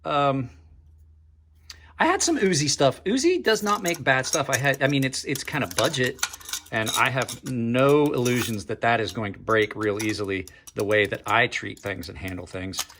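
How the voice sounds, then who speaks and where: A man's voice: medium pitch, animated, normal speed, fairly bright tone, slight background noise. A man hosting a casual knife unboxing vlog, talking to his viewers as he opens packages, thinking aloud and trailing off mid-sentence, with dry sarcastic asides. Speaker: knife reviewer and channel host.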